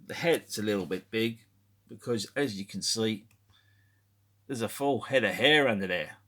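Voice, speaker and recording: Toy collector vlogger, man, lower-pitched, loose and rambling, casual swearing. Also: normal speed, a bit bright. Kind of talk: casual show-and-tell vlog.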